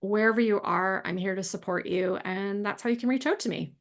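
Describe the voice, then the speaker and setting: A woman appearing as a guest medium on a podcast, speaking calmly and affirmingly. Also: medium pitch, a little fast. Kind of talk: casual interview talk.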